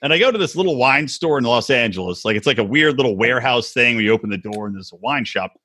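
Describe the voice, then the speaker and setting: A man co-hosting a casual comedy podcast, swearing a lot and acting out quotes in an animated way. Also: medium pitch, fast talker, slightly rough. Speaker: podcast co-host. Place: recording room, west coast.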